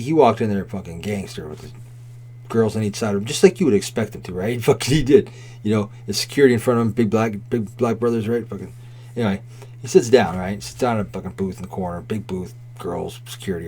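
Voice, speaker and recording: A man's voice: fairly low pitch, quick pace, warm tone, husky. A man in his forties telling a rambling, profanity-laden story in a casual way, with constant "right?" and "like". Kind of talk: casual spoken anecdote.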